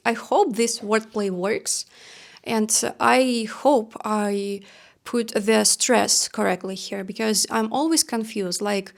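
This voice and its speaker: A woman's voice: mid-range voice, slow pace, creaky. A young adult woman from Russia with a Russian accent, speaking in a reflective, self-deprecating personal vlog monologue. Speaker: vlogger.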